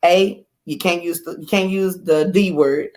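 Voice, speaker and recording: A woman guest telling a lively personal story in casual chat, acting out quoted lines. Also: on the low side, measured pace. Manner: animated, acts out quoted voices. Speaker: guest author.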